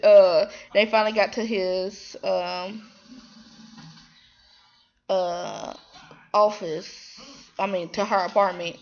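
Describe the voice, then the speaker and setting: A woman's voice: medium pitch, slow pace, creaky, long pauses, highs cut off. A woman casually recapping a TV drama episode, rambling with lots of fillers and restarts and slipping into quoted voices. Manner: animated, slips into quoted voices.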